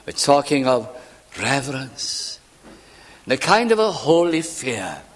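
A man's voice: fairly high pitch, big pitch swings, moderate pace. A man preaching a sermon, asking rhetorical questions and building to fervent emphasis. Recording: reverberant hall sound.

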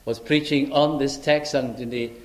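Older preacher, slow and reflective. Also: male voice, medium pitch, steady tone. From Wales. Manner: unhurried, reflective, with dramatic slow emphasis on scripture. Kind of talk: sermon.

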